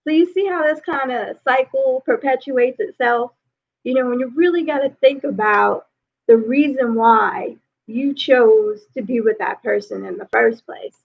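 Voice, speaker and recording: A woman life coach talks through relationship advice, fairly high in pitch with a gravelly edge of vocal fry. Her delivery is loose and chatty, full of "you know". The sound is tinny and narrow, as if heard over a phone line. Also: a little slow. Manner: conversational, peppered with "you know".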